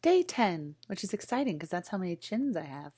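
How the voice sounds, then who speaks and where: A woman in her thirties telling a personal story straight to camera in a casual, animated way, full of fillers and swings from loud to hushed. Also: on the low side, quick pace, slight background noise. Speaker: vlogger.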